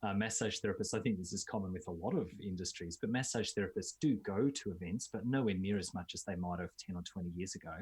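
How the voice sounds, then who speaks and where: An Australian man, a business coach, giving relaxed, fluent interview answers with filler uhs. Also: low-pitched, quick pace, hardly any pauses, breathy edge.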